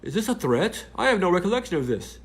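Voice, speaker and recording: A man's voice: big pitch swings, quick pace, slight background noise. A man voicing an indignant, suspicious woman journalist in a put-on British accent, with a prim, accusing delivery. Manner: prim, accusing, raised pitch.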